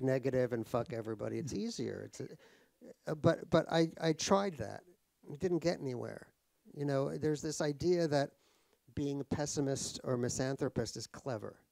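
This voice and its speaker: A man's voice: medium pitch, vocal fry, darkish tone, no room sound. An American man, an author guest on stage, telling stories with wry, profane, self-mocking humor. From United States. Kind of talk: anecdotal storytelling on stage. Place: cultural center stage conversation.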